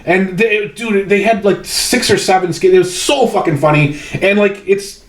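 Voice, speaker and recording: A man's voice: sits high, moderate pace, roomy sound. A man from Chicago co-hosting a podcast, talking bluntly and profanely in casual chat. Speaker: podcast co-host.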